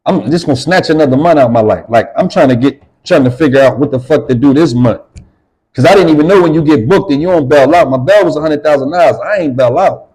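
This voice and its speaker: A man's voice: on the high side, fast, darkish tone, breathy edge, rough recording. A middle-aged man, an interview guest, telling a rambling, profane story in casual talk. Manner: profane, rambling, acts out others' voices.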